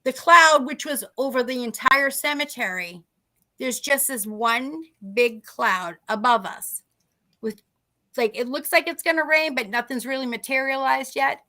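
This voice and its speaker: A middle-aged woman with a high, sharp voice tells a ghost story as a podcast guest, taking her time. She chats casually and acts out the people she quotes in dialogue.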